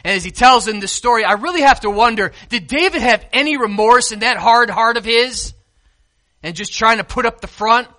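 A high, bright-toned man delivers a sermon as pastor. He drops to hushed, quiet passages, then climbs to loud, emphatic peaks. He keeps asking his listeners questions. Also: moderate pace. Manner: preaching with big swings from quiet to loud; asks the congregation questions.

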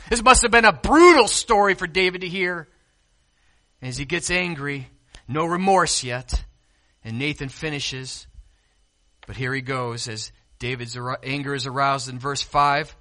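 A high, bright-toned man delivers a sermon as pastor. He drops to hushed, quiet passages, then climbs to loud, emphatic peaks. He keeps asking his listeners questions. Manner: preaching with big swings from quiet to loud; asks the congregation questions.

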